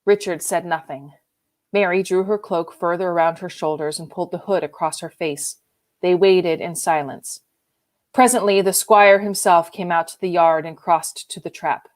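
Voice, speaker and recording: A woman reading a novel aloud in an expressive, emotionally involved way. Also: on the low side, normal speed. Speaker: reader. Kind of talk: audiobook reading.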